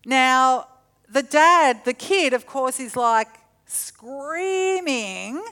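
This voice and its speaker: A woman preaching a sermon in a slightly high voice. She tells stories with animated energy and acts out the lines she quotes. She sounds middle-aged. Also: takes it slowly, clear, resonant tone.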